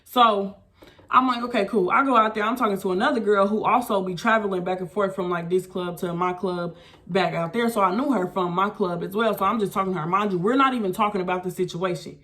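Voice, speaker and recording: Mulher contando uma história, sem filtro. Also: female voice, medium pitch, a little fast. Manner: blunt, profane, animated retelling. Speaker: vlogger. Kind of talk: storytime vlog rant.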